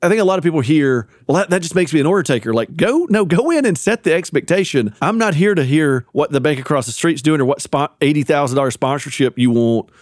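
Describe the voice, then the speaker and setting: A man's voice: a little high, lively intonation, brisk, few pauses, a little mellow, dry recording, clean studio sound. A man co-hosting a marketing podcast, talking casually and explaining business advice at length. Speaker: podcast co-host. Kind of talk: casual chat.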